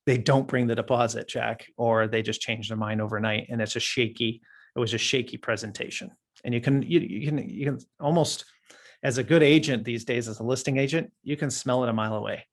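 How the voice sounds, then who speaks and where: A man's voice: mid-range voice, steady tone, a little fast. A man leading a training session for new real estate agents, talking casually and acting out client conversations with plenty of fillers.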